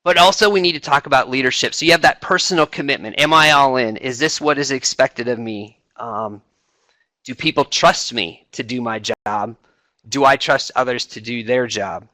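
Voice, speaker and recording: A man's voice: mid-range voice, normal speed, pushed and bright, no room sound. A middle-aged man speaking on a webinar as a senior enlisted advisor, talking conversationally with many fillers and restarts. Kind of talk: informal talk to a webinar audience.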